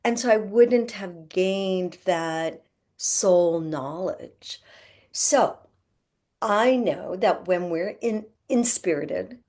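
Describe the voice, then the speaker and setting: A woman's voice: mid-range voice, extremely slow, darkish tone. A middle-aged woman, a healer and podcast guest, telling a spiritual story in an earnest way and acting out the voices in it.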